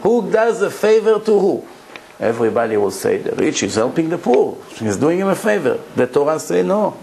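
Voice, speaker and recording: A man's voice: fairly high pitch, sing-song, moderate pace, creaky, warm tone, slight background noise, poor audio. A man, a rabbi, giving a Torah lecture to a live audience, preaching emphatically and telling stories with rhetorical questions.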